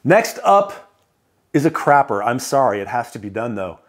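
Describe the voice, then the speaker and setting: A man talking through sleep-therapy gear in a casual rundown. His voice sits at an ordinary pitch, and he drops in quick jokes and asides as he goes. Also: big pitch swings. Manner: chatty, joking asides. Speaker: CPAP equipment reviewer.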